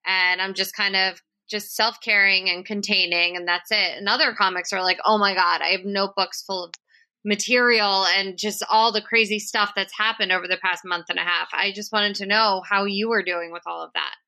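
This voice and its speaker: A woman hosting a casual interview, bubbly with quick asides. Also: mid-range voice, steady tone, bright, forceful tone. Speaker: podcast host.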